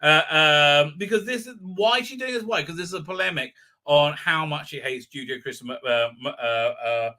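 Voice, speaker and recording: A man's voice: on the high side, normal speed, pushed and bright. A man hosting a livestream, ranting in a rambling, indignant way full of fillers. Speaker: livestream host. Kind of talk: ranting commentary.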